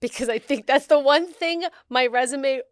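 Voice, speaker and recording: A woman with a fairly high voice chats casually, joking at her own expense and dropping "like" into almost every sentence. She is recorded close and dry, with no echo. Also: moderate pace. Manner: bubbly, self-deprecating, lots of "like". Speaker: interview host. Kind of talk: casual chat. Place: home.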